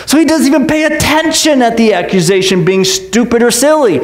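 A male pastor preaching a sermon in a church, animated and joking, with sarcastic asides. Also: extremely high pitch, brisk, reverberant.

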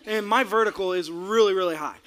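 High-voiced, bright, animated preacher man. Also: brisk. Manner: animated, acts out his own outbursts with shouting and laughter. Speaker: pastor. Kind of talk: sermon with storytelling.

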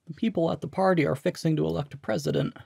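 A gentle, simple-minded grown man pleads in a raised, soft, childlike voice, as a male reader puts him on. A gravelly edge stays in the voice, recorded dry and close. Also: a little high, wildly swooping pitch, quick pace, no echo, pitched above the performer's own voice, full character voice. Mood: earnest.

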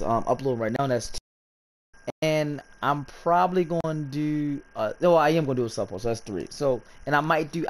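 Male gaming YouTuber host, casual slangy rambler, very lively pitch.

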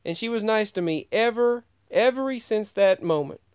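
Rambling man telling a story, crisp close voice. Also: high voice, animated, moderate pace, no room sound. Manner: rambling, digressive, frequent restarts. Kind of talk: casual personal storytelling.

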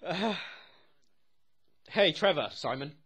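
A young man giving live reaction commentary, his fairly high voice jumping around wildly in pitch. He swears freely and breaks into laughter between remarks. He sounds casual and excitable throughout. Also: takes it slowly, husky. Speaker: TV episode reactor.

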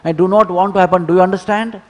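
Man putting on stern father, raised and higher voice, insistent warnings, reverberant temple hall. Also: steady tone, quick pace, natural voice. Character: stern father scolding grieving women.

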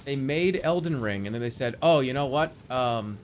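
A man streaming a video game, casually chatting and telling a long, excitable story, swinging from low mumbles to yelps. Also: normal speed, a little hiss or hum. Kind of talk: casual gameplay commentary.

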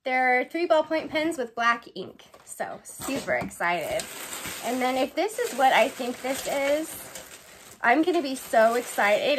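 A woman's voice: high-pitched, very animated, unhurried, a bit bright, slight background noise. A woman vlogging as she unboxes a gift, gushing and effusive, repeating her words over and over. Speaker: vlogger opening a gift package. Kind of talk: casual unboxing vlog.

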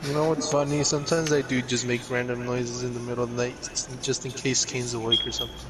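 Laid-back man, mid-pitched, teasing. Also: flat delivery, fast, over loud music, rough recording. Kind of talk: casual gaming chat with friends. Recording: loud background noise.

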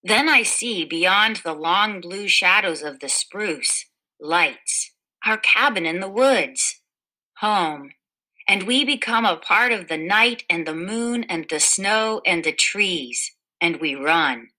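A woman reading a children's picture book aloud in a gentle storytelling manner, livening up the quoted lines. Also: fairly low pitch, expressive, slow pace, poor audio. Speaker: storybook reader.

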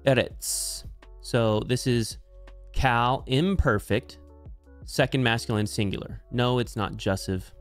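A man at a middle pitch explains Hebrew grammar slowly and deliberately, breaking down each word one at a time. Soft instrumental music sits faintly behind his voice. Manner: slow, deliberate, spells out each term. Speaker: Bible language teacher.

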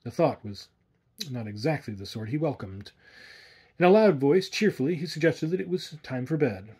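A man reading a horror story aloud in measured, atmospheric narration. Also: medium pitch, animated, mellow, husky. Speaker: audiobook narrator. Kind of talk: scripted narration.

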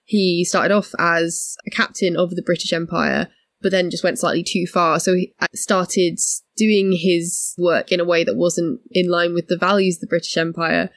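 Woman podcast cohost, low gravelly creaky voice, thinks out loud slowly, dry close sound. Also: fairly even intonation, no echo. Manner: thoughtful, analytical, builds points slowly. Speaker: podcast co-host. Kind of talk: casual podcast discussion.

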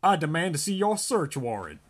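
A man voicing a mouthy, theatrical schoolboy who protests loudly in a raised, husky voice. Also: a little high, sing-song, fairly quick, voice pushed up. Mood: indignant. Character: brash mouthy boy troublemaker, theatrical.

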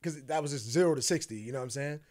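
Man telling a lively story. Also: medium pitch, racing. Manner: animated, acts out quoted dialogue, laughs often. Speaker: podcast guest. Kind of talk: casual storytelling.

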